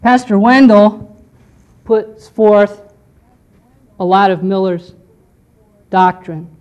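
A woman's voice: mid-range voice, drawn-out words, darkish tone, muffled recording. Woman lecturing, checking in with "okay". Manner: explanatory, checks in with frequent "okay". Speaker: teacher. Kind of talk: lecture on church history.

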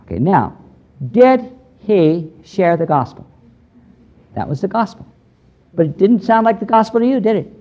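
A man's voice: high voice, a little slow, long pauses, warm tone. An older man from the United States preaching a sermon in an earnest, plain-spoken way that rises into emphatic preaching. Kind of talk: sermon with a storytelling tone. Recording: dull lo-fi recording.

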